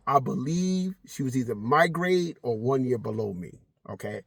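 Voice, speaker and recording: Animated man telling a story, husky voice. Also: medium pitch, moderate pace, no echo, studio quality. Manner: animated, swears freely, slips into voices of people in his story. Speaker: vlogger. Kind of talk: casual storytelling to camera.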